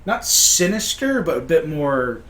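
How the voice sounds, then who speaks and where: A man's voice: fairly high pitch, big pitch swings, measured pace, fairly bright tone. A man recapping a tabletop game session as game master, in a casual way with many fillers and restarts.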